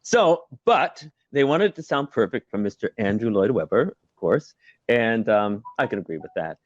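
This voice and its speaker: A middle-aged man, once a musical performer, tells stories in a chatty video-call interview, laughing often and using plenty of fillers. His voice sits on the low side with big pitch swings, a moderate pace, and the highs cut off.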